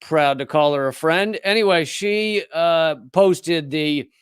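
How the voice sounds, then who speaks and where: A man's voice: fairly high pitch, slow, clear, resonant tone, no room sound, studio quality. A man hosting a live political commentary show, speaking indignantly with sarcastic asides.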